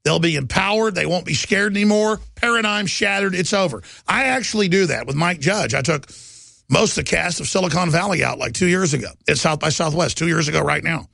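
Gravelly bright-voiced radio talk host. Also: male voice, fairly quick, no room sound, studio quality. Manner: impassioned, rambling, swings between loud and low. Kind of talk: fiery talk radio monologue.

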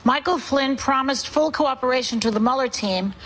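A shrieking, gleeful TV hostess, as a gravelly man puts her on, squealing high and thin. Her voice sounds set back from the mic, with a faint hiss behind. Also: moderate pace, bright, forceful tone, exaggerated voice, rough recording. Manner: exaggerated, shrieking.

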